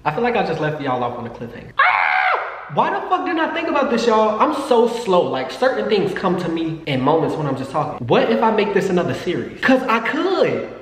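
Excitable man in a very echoey room. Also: high-pitched, a little fast, few pauses. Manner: excitable, profane, chatty. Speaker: vlogger. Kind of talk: casual storytime vlog. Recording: echoey room with long reverb, faint noise.

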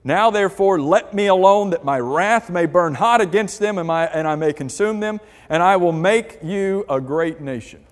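A man's voice: sits high, normal speed, hardly any pauses. A man teaching a church Bible class, asking the class questions and reading scripture aloud. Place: church hall. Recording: long hall reverb.

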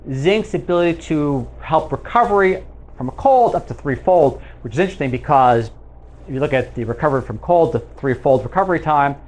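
Lively, conversational male health presenter. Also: fairly high pitch. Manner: conversational, self-correcting asides. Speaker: health video host. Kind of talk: reading and commenting on a research summary.

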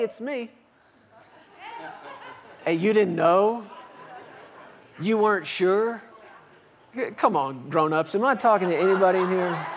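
A man in his thirties preaching a sermon as pastor of a church, telling stories and acting out phone calls with playful, exaggerated voices. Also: sits high. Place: church sanctuary.

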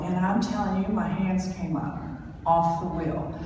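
A woman speaking on a convention stage, giving a motivational talk and telling a story with dramatic pauses, through a hall microphone. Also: lowish voice, mellow, slight background noise. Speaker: conference speaker. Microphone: handheld stage microphone through PA. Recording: echoey arena from far off.

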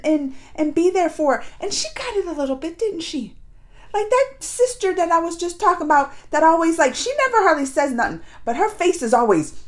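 A woman hosting a reaction video, chatting casually and emotionally while talking back to the screen. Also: very high-pitched. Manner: chatty and colloquial.

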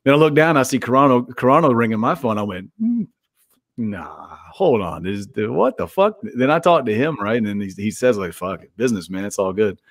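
A male pro wrestler telling a story in a loose, swearing, animated way and acting out every quote. His voice sits at a middle pitch. It sounds dry and close to the mic. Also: brisk, no echo. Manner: animated, profane, acts out quotes. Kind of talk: casual storytelling interview.

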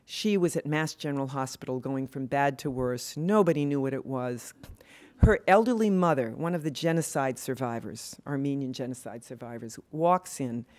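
This older woman's voice is extremely low and darkish, moving at a moderate pace. A women's health advocate giving an award speech, she talks with earnest passion, often using fillers and starting over.

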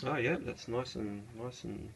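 A man's voice: medium pitch, a little slow, gravelly, very noisy. A young Australian man chatting casually as he cooks in a small kitchen, rambling with lots of fillers and slang. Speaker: vlogger. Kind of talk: casual cooking vlog.

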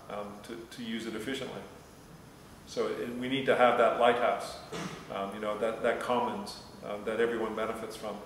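Male presenter, mid-pitch, hesitant Q&A delivery; reverberant hall, faint hiss. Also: a bit bright, far from the mic. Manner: hesitant, many restarts and fillers. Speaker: presenter answering audience questions. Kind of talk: talk Q&A at a meetup. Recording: echoey hall with faint noise.

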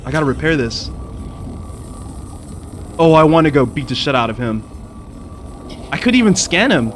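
A man's voice: a little high, big pitch swings, normal speed, pauses often, slight background noise. A young man giving let's play commentary on a survival game, jumpy and swearing a lot, yelping and panicking whenever creatures come near. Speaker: gamer.

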